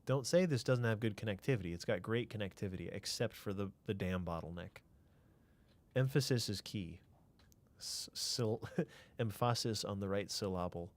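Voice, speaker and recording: Low-voiced man chatting through a game. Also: normal speed. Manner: thinks aloud, answers chat, trails off into mutters. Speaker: streamer. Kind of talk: casual game commentary.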